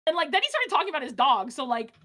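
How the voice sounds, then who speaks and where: A woman telling a story in casual chat on a live stream, animated, with many fillers and restarts. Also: high-pitched, racing. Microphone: streaming mic.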